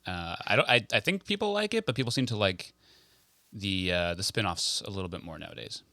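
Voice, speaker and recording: A man's voice: low voice, lively intonation, brisk, pushed and bright, no room sound. A man co-hosting a casual podcast, easygoing and self-deprecating, often laughing. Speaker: podcast co-host.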